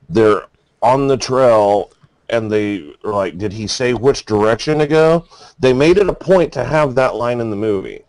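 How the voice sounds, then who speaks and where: Male podcast co-host, lowish voice, dry close mic, rambling and jokey. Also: a little mellow, no room sound. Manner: rambling, laughs often, mimics movie lines. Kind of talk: casual uncensored chat.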